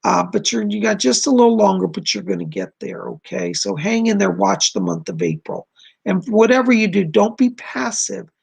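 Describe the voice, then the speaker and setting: A man reads out viewer questions and answers them as a psychic on a live stream. His voice is heavily gravelly and a little husky, and it is wearing hoarse. He speaks in a gentle, reassuring, chatty way. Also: high-pitched, very animated, moderate pace. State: losing his voice. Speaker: psychic doing live readings.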